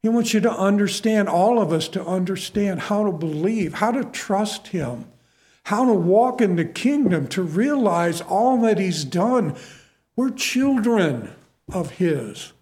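A man preaching a sermon in an unhurried, folksy way, leaning on repetition to drive his points home. His voice sits notably high for a man, and he takes his time between phrases. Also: expressive, a little mellow. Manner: folksy, repeats key phrases for emphasis. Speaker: pastor.

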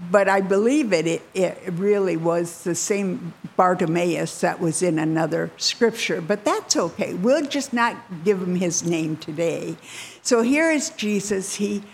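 A woman retelling a Bible story to listeners, bringing the quoted characters to life with lively shifts in her voice. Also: gravelly, a little hiss or hum. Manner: animated, voices characters with rising pitch.

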